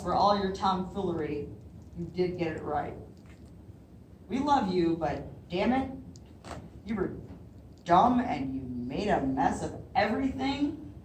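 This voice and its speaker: At a library event, a woman poet reads her own poems aloud, nervous and often laughing between lines. Her mid-range voice has a darkish tone and is heard from a distance in a roomy hall, with slight background noise.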